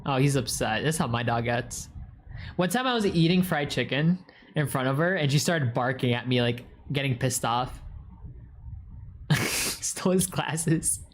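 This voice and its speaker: A young man streaming, chatting casually and excitably as he reacts to videos and reads chat, swearing now and then. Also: mid-range voice, a little slow, pauses often, slight background noise.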